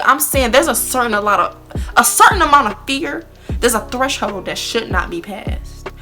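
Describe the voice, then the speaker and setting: A young woman with a bright, forceful voice pitched a little high talks bluntly and expressively straight to her viewers in a casual vlog chat. Faint music plays softly behind her. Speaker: vlogger. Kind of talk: candid casual chat to camera.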